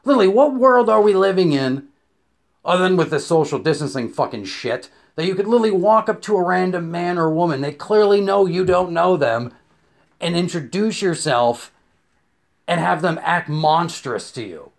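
Young man, fairly high voice, swears freely, rambles through a comic rant with restarts. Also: expressive, normal speed, creaky. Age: young adult. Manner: profane, rambling, with stammered restarts and acted-out scenes. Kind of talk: comedic rant monologue.

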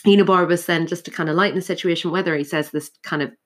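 A woman's voice: fairly low pitch, fairly even intonation, fast. A woman teaching literature, talking through a play scene line by line with frequent fillers and restarts. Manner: thoughtful, many fillers and restarts.

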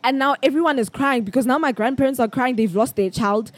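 A young South African woman hosting a podcast, telling a personal story in a chatty, animated way with bursts of laughter. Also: high voice, brisk, dry recording. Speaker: podcast host. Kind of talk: casual storytelling monologue.

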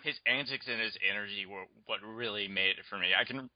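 Brief: male co-host, low calm voice, muffled dry mic. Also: fast talker, very noisy. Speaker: podcast co-host. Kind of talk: casual chat.

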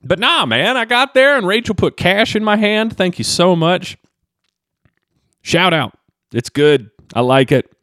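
Male comic podcaster, slight Kentucky twang, a bit high-pitched, rambling. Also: measured pace, no echo, clean studio sound. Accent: slight Southern twang. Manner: animated, jumps pitch for comic emphasis, self-mocking. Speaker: podcast host and stand-up comedian. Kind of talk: rambling solo podcast monologue.

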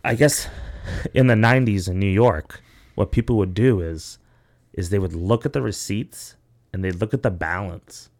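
A young man with a somewhat low voice hosts a casual podcast. He tells long, rambling stories full of "like" and "you know". He swears freely as he goes. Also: moderate pace, a little mellow. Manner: rambling, profane storytelling full of "like". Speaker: podcast host. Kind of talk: casual chat.

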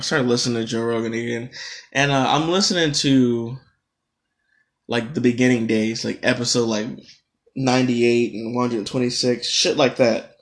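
A man hosting a solo podcast, ranting in a casual, profane, exasperated way. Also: mid-range voice. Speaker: podcast host.

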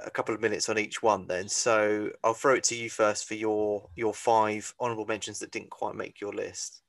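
A young man co-hosting a podcast, casually running through lists and steering the chat. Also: lowish voice. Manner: relaxed, steering the conversation. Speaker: podcast co-host.

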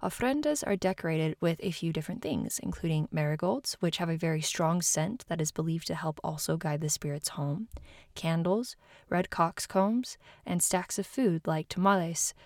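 Gravelly-voiced woman podcast host. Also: sits low, moderate pace, darkish tone, dry recording, studio quality. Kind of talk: scripted podcast narration.

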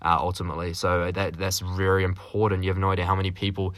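Man, podcast host, rambling solo talk, jokey, lowish pitch, dry close sound. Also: completely flat delivery, fast, fairly bright tone, dry recording. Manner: rambling, with many fillers and restarts; jokey, with mild swearing.

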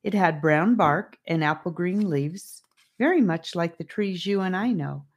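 A woman's voice: lowish voice, unhurried, breathy edge. A woman narrating a storybook, reading aloud and addressing the listener. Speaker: audiobook narrator.

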